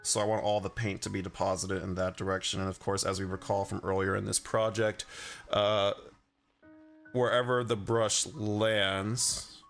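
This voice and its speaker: Faint music sits behind a man painting miniatures live, his lowish voice creaky and a little bright, his tone level at a normal speed. He rambles with plenty of fillers and laughs, reading his chat out loud as he answers it.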